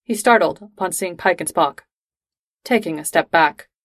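A woman reading fan fiction aloud in steady, even narration. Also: on the low side, moderate pace, no room sound, clean studio sound. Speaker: reader.

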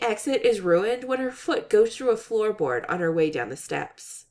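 A woman reading a comic story aloud with expressive, animated narration. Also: medium pitch, moderate pace, few pauses. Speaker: story reader. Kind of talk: reading fan fiction aloud.

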